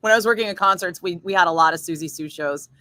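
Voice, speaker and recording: A woman radio DJ chatting casually with viewers, telling a story in a lively, swearing style and acting out the other people's lines. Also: on the low side, fast, dry recording. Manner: chatty storyteller, swears freely, acts out voices. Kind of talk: casual chat.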